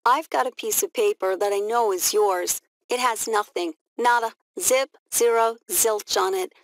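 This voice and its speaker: A woman voicing a blunt, scornful schoolgirl who speaks flatly and curtly. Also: medium pitch, unhurried, a little hiss or hum, close to an everyday voice. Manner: flat and curt.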